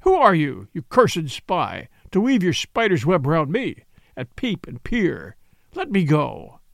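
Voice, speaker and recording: Bellowing cult prophet guy, man reading it, big swings in pitch, dry sound. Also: wildly swooping pitch, takes it slowly, vocal fry, no echo, heavily acted. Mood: furious. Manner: shouting, blustering. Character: raging male cult prophet, tall, furious.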